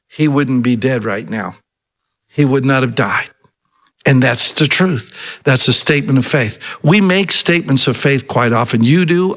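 A man's voice: on the high side, a bit bright, big-room sound. A male pastor preaching a sermon, earnest and emphatic, often asking the congregation questions.

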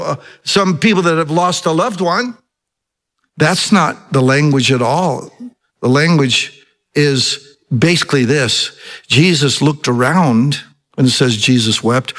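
A man's voice: a little high, a bit bright, big-room sound. A man preaching a sermon as pastor, earnest, asking his congregation rhetorical questions.

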